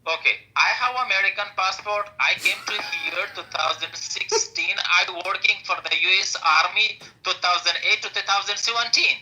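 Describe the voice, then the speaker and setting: A man's voice: high-pitched, normal speed, hardly any pauses, bright, forceful tone, poor audio. A man who speaks English as a second language, talking in broken English full of fillers as a caller in a heated audio-room argument. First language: not English. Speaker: caller on an audio-app stage.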